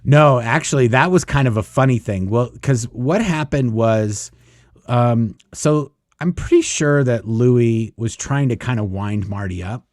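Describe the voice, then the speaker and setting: A man's voice: medium pitch, unhurried, darkish tone, no room sound, clean studio sound. A man telling a long personal story in a casual, rambling way, full of fillers, acting out what others said. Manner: rambling, many fillers, acts out quoted lines. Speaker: guest storyteller.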